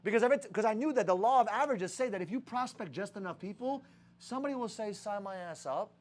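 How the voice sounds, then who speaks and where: A man's voice: sits high, rapid-fire. A young man leading a sales team, giving a profane motivational talk full of rhetorical questions. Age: young adult. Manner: rhetorical questions, heavy swearing.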